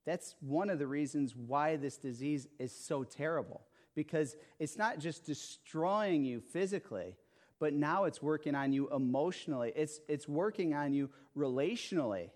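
Slow, emphatic male preacher. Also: fairly high pitch. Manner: slow, emphatic, repeats phrases with frequent "okay?" and "right?". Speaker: pastor. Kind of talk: sermon.

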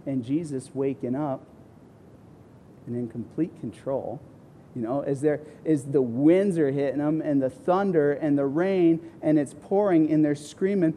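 A middle-aged man, a pastor, preaching a sermon and acting out the people he quotes with sudden high, loud bursts. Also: a little slow, a little hiss or hum. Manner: acts out quoted voices with big pitch swings.

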